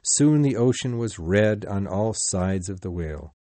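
Man, audiobook narrator, slow pace, lively pitch, dry close mic. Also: dry recording. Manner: deliberate, expressive storytelling.

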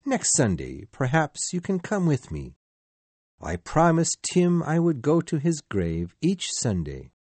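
A man voicing a kindly, grief-worn working father who talks slowly and gently in a storybook reading. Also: on the high side, huge pitch swings, slightly rough, no echo, voice pushed up, full character voice. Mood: gentle. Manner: slow, gentle, tearful.

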